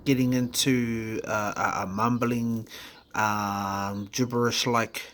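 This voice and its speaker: A man from New Zealand with a New Zealand accent, giving a candid personal testimony in a halting way, full of fillers, restarts and casual swearing. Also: lowish voice, steady tone, fairly bright tone, a little hiss or hum. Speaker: vlogger sharing his recovery story.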